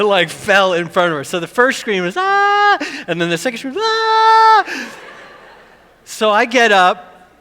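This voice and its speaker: A middle-aged man preaching a sermon, telling a family story with lively, animated delivery and acted-out screams. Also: fairly high pitch, in a large hall. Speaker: pastor.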